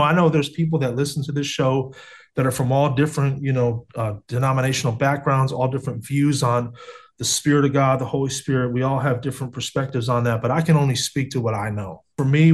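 A man in his thirties from the United States, telling his life story as a guest on a video call, earnest and casual, with many restarts and slang like "man" and "bro". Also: mid-range voice. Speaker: guest sharing testimony. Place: home setup on a video call.

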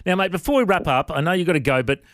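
A man's voice: a little high, animated, very fast, a bit bright, no echo, studio quality. A man hosting a radio interview in a chatty, friendly way. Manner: chatty, says mate. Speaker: radio host.

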